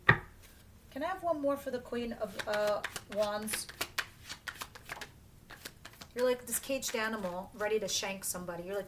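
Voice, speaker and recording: At a moderate pace with long pauses, a woman with a medium-pitched voice does a relaxed tarot reading for her channel over some background noise. She talks bluntly and chattily, using fillers and often starting sentences over to correct herself.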